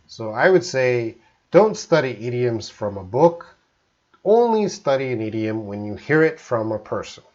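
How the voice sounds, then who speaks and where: A man from Canada, an English teacher, answering viewer questions in a live-stream lesson, talking slowly and choosing his words carefully. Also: mid-range voice, very animated, a little mellow, muffled recording. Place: home in Korea, live stream.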